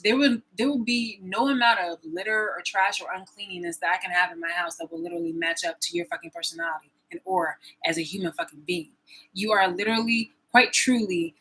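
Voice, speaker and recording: A woman in her thirties with a bright, forceful voice and a husky edge. She rants to her viewers in a profane, confrontational way, circling back and repeating herself. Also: mid-range voice, poor audio. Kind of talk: angry personal vlog rant.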